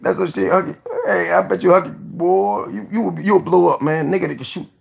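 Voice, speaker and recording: A man hosting a casual live stream, joking, cursing freely, laughing often and giving shout-outs to viewers. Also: sits high, fairly even intonation, fairly quick, gravelly, slightly rough.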